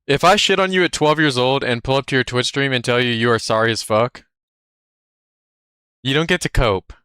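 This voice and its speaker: A man's voice: mid-range voice, normal speed, bright, forceful tone, clear, resonant tone, no echo, clean studio sound. A man streaming live, chatting casually in a brash, profane, cocky way. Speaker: livestreamer.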